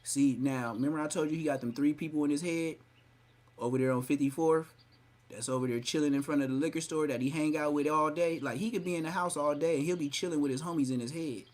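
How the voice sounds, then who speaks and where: A man's voice: a little high, fast. A man hosting a live podcast stream, mocking and roasting someone in a profane, rowdy way. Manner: mocking, profane, loud outbursts. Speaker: podcast host.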